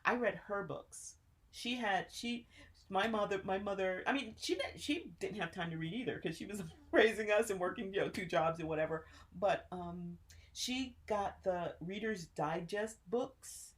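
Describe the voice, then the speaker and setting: A woman in her sixties from New Jersey, co-hosting a podcast and telling childhood stories with lots of laughter. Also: mid-range voice. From Newark, New Jersey. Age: 60s. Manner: animated storyteller, quick to laugh. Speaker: podcast co-host. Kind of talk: casual chat.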